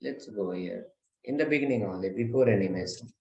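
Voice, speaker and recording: A man teaching a live web design lesson, walking through each step slowly and quizzing his class. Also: lowish voice, creaky, darkish tone, roomy sound, muffled recording. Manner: slow, step-by-step explaining, asks the class questions.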